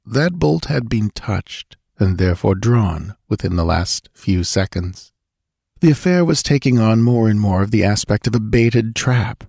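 A man narrating an adventure audiobook in a measured, dramatic storytelling manner. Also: fairly low pitch, animated, vocal fry, a little mellow, breathy edge, no echo, clean studio sound. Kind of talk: scripted narration.

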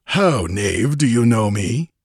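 A man voicing a ruthless male outlaw chief who speaks calmly and commandingly, in a storybook reading. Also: medium pitch, takes it slowly, gravelly, slightly rough, dry recording, studio quality, heavily acted. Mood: hard, commanding. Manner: imperturbable, commanding.

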